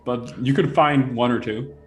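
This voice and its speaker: A man's voice: medium pitch, steady tone, normal speed. A man running a tabletop game, casual and laughing easily, with apologetic restarts. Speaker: game master.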